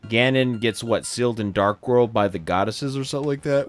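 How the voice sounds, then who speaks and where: A man's voice: mid-range voice, fairly quick, faint music behind. A man hosting a game stream in casual chat, drowsy and yawning, rambling and correcting himself as he plays. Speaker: streamer host.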